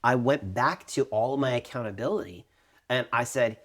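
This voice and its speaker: A man in his thirties co-hosting a faith podcast, telling a personal story in a lively way and acting out what others said. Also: medium pitch, fast. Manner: animated storytelling, acting out quoted voices. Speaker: podcast co-host. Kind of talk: conversational testimony.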